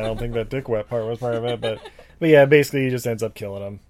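A man's voice: medium pitch, quick pace, a little mellow. A man co-hosting a podcast, recapping a movie in a casual, rambling, profane way with lots of fillers. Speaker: podcast co-host.

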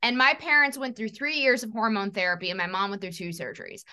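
A woman's voice: medium pitch, fast talker, bright, forceful tone. A woman in her thirties, a stand-up comedian, telling her own story casually in an interview, acting out the people in it and swearing freely.

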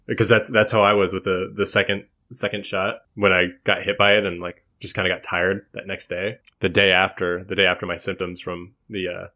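A man with a low voice rambles and jokes on a podcast. He sounds a little stuffy from a recent cold, and his talk is loose and unscripted. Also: little pitch movement, a little fast, few pauses, sharp tone. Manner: chatty, joking, rambling. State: a bit stuffy. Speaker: podcast co-host. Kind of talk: casual chat.

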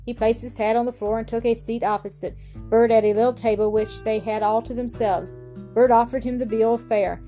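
Woman reading a story out loud, steady and clear, highish voice, quiet music in the back. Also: fairly quick. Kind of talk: scripted narration.

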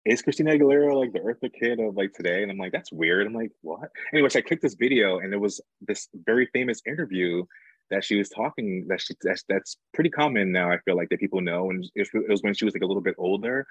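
Husky-voiced young man, chatty. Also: deep voice, fast talker, no room sound, dull audio. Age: young adult. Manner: chatty, fills talk with "like". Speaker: guest, writer and actor. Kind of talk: casual conversation.

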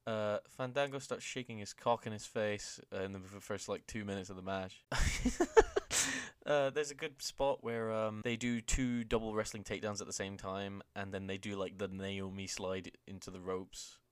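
Low-voiced laid-back man recapping wrestling. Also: fairly even intonation, normal speed, clean tone, dry recording. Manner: laid-back, swears freely, acts out quoted lines for laughs. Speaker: podcast co-host. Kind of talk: casual chat recapping wrestling.

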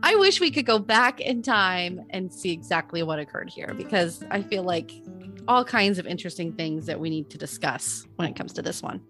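A woman with a slightly low voice chats easily as a podcast co-host. She muses aloud, hedges her views and laughs readily, with faint music underneath. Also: big pitch swings, moderate pace. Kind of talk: casual chat.

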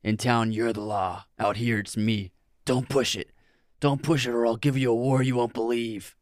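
A man doing an amateur impression of a gruff male soldier issuing a quiet threat, recorded close and dry. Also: medium pitch, fairly even intonation, normal speed, dry recording, natural voice. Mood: threatening. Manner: amateur impression of a film star.

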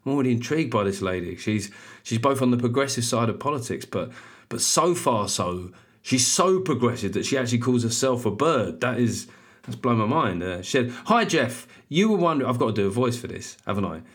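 A man's voice: mid-range voice, lively intonation, brisk. A man hosting a comedy podcast alone, rambling, swearing and mocking himself. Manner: rambling, sweary, self-deprecating. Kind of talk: solo comedic podcast monologue.

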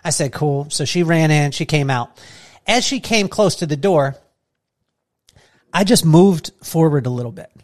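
A man's voice: on the high side, animated, a little slow, long pauses. A man hosting a podcast interview, chatting casually, telling funny stories and laughing often. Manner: jokey, storytelling, laughs often. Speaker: podcast host.

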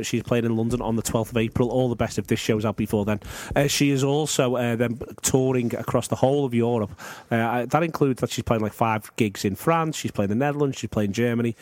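A man's voice: medium pitch, a little mellow, no room sound. A man in casual radio chat, blunt and swearing, with lots of 'uh' fillers. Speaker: radio show panelist.

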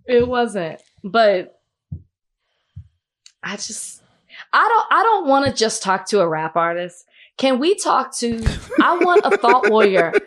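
A woman's voice: fairly high pitch, fairly bright tone. Earnest woman co-hosting a podcast. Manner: earnest, emphatic, with frequent restarts. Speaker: podcast co-host. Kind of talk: casual podcast debate.

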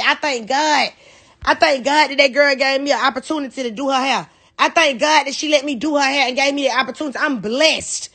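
A woman's voice: high-pitched, fairly bright tone. A woman, a hairstylist, venting bluntly to camera, swearing freely and hammering the same points again and again. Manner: blunt, profane, repeats her points.

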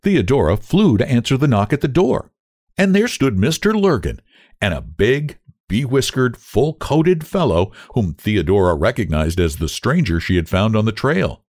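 A man narrating a storybook in an expressive reading voice. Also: mid-range voice, moderate pace, no room sound, clean studio sound. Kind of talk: audiobook reading.

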